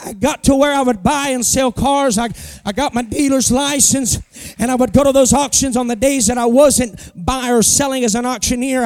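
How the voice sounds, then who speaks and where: A man's voice: extremely high pitch, a little mellow, no echo, clean studio sound. A middle-aged man, a pastor telling a folksy story as a sermon testimony. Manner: folksy storytelling with homespun sayings.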